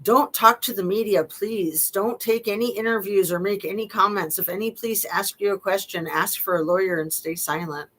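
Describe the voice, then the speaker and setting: A woman's voice: medium pitch, normal speed, few pauses, a bit bright, rough recording. A middle-aged woman reading text messages aloud and commenting on them casually, with wry, skeptical asides and frequent fillers. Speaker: true-crime commentator.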